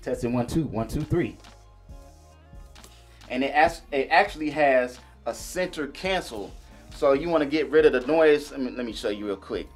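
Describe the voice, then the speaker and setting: A man casually demonstrating and reviewing a small audio mixer for his viewers, chatty and relaxed. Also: mid-range voice, normal speed, soft background music. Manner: laid-back, chatty, addresses viewers as y'all and man. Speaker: gear reviewer. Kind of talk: casual product demo vlog.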